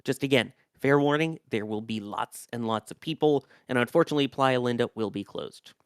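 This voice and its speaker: A man's voice: mid-range voice, brisk, smooth, dry recording, studio quality. A man hosting a live rocket launch stream, chatting casually, reading out viewer messages and thanking the crew.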